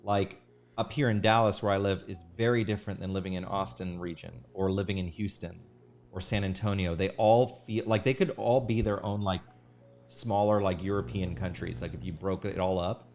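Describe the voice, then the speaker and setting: A man hosts an art livestream, his low, slightly mellow voice holding a fairly even intonation at a moderate pace over soft background music. His casual chat rambles as he restarts sentences and thanks his viewers.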